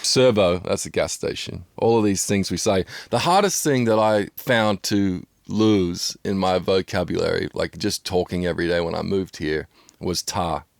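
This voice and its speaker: A man's voice: deep voice, moderate pace, vocal fry, no room sound, studio quality. A man in his fifties from Australia with an Australian accent, chatting casually and joking as a podcast guest. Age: 50s. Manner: laid-back, joking, rattles off slang. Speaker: drummer guest.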